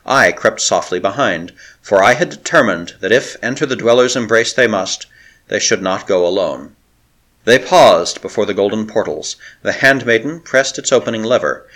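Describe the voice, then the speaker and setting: A man reading an old adventure novel aloud with theatrical flair. His pitch swings widely, lifting and falling through every sentence. The delivery is dramatic and expressive. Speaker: audiobook narrator. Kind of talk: dramatic audiobook narration.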